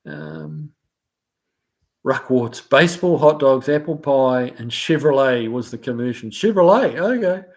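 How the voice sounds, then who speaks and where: This New Zealand live stream host speaks at a fairly high pitch and a measured pace, his darkish-toned voice showing vocal fry. He reads viewer comments out loud and replies loosely and casually, with many fillers and restarts.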